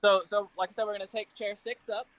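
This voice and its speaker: High-voiced man with a Southern accent. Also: level tone, fast, crowd noise, low-quality recording. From Alabama. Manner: chatty, self-deprecating. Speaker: field reporter. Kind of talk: live on-location report. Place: outdoors at a ski lift.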